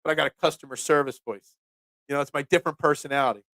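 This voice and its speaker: Male sports talk host, chatty and animated, recorded dry. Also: fairly high pitch, racing, no room sound. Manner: rambling, animated storyteller. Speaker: sports podcast host and pizza shop owner. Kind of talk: casual sports talk show.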